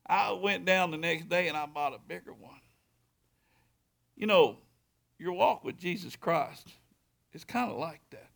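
A man preaching a sermon as pastor, telling a story with loud excited peaks and quiet low stretches. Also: measured pace, gravelly, pauses often.

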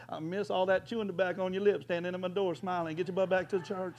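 A man preaching a folksy sermon as pastor, rising at times to loud hollers. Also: high-pitched, little pitch movement, fast, highs cut off.

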